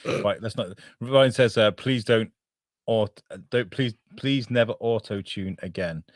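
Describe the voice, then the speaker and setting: A man's voice: on the low side, a little slow, no room sound, studio quality. A man hosting a podcast pre-show, chatting casually, joking crudely and fumbling through his audio setup. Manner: hesitant while sorting out his audio setup. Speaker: podcast host.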